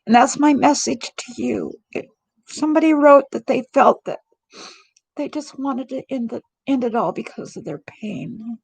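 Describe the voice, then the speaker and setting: A woman's voice: high-pitched, moderate pace, vocal fry, darkish tone, breathy edge, dry recording, poor audio. A middle-aged woman hosting a live stream vlog, talking in a rambling, earnest and heartfelt way. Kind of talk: casual confiding monologue.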